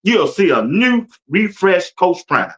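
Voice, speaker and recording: Man, sports talk host, casual stream, slangy, animated, crisp bright tone. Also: sits high, takes it slowly. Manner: animated, laughing often, slangy.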